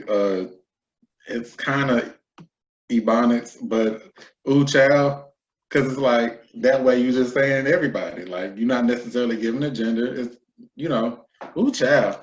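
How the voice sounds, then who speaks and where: Playful young man in a roomy, muffled recording. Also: mid-range voice. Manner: playful, quick to laugh. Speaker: co-host. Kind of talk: casual educational discussion.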